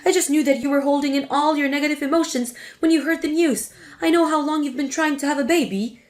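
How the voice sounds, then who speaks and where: A woman's voice: high-pitched, fast talker, darkish tone, lightly acted. A woman voicing a spiteful, scornful older mother-in-law in a dramatic story reading. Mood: defensive. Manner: sneering, contemptuous.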